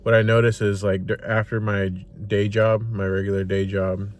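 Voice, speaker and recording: A young man telling stories in a casual vlog, animated and swearing freely, tired after his workday. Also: on the low side, moderate pace, a little hiss or hum. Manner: animated retelling, swears freely, acts out quotes. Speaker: rideshare driver and vlogger. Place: inside a parked car.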